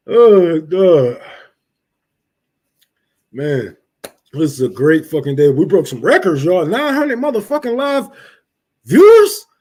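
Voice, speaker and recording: A young man hosting a casual livestream, cursing loudly and laughing as he rants and thanks donors. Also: sits high, sing-song, takes it slowly, pauses often. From Detroit. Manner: profane, loud, laughing rants. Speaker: livestream host.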